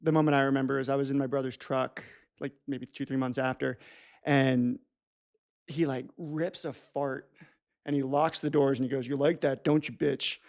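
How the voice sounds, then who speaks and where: Gravelly-voiced male podcast host. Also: medium pitch, normal speed. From United States. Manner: relaxed, frank, joking. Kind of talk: casual interview.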